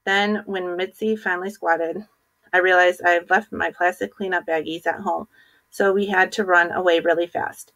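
A woman's voice: lowish voice, steady tone, normal speed, a bit bright, poor audio. Woman reading a children's chapter book aloud.

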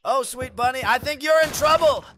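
A man with a very high-pitched voice reacts to short videos at a moderate pace, with slight background noise behind him. He talks to his viewers excitably, shouting and exclaiming throughout.

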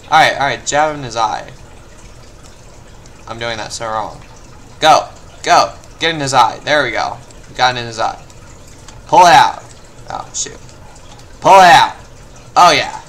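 A man's voice: medium pitch, expressive, a little slow, pauses often. A young man commenting on his own gameplay, muttering to himself and breaking into frustrated outbursts. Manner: frustrated, swings from mumbling to yelling. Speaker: gameplay video host. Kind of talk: let's play commentary.

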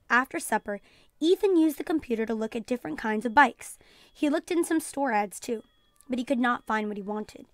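A woman teacher reading a children's storybook aloud in a calm storytelling voice, announcing page numbers. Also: fairly high pitch, a little fast, no room sound, clean studio sound. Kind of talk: children's read-aloud narration.

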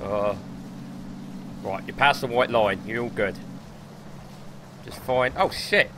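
A young man streaming gameplay live, excitable and swearing as he talks himself through the match. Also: mid-range voice, slow pace, background noise. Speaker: gaming streamer.

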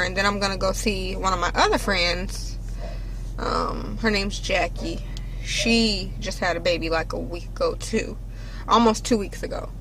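A woman vlogs from inside her car on a handheld camera and rambles through her day in easy, self-deprecating chat. Her pitch sits right in the middle, and clear car and road noise runs under her voice. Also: a bit bright, poor audio. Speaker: vlogger. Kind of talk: casual vlog chat. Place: inside a car while driving. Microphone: handheld camera or phone.

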